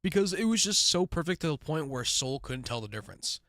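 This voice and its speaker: Casual male host, chatty reaction streamer with quick asides, dry close sound. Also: on the high side, sing-song, fairly bright tone, dry recording. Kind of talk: casual live reaction chat.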